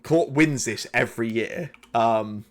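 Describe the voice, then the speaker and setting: A man in the game master's seat, telling the story of a tabletop session in a relaxed, rambling way. His voice sits at an ordinary middle pitch, and he pads his narration with casual fillers. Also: unhurried. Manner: loose, conversational narration full of fillers.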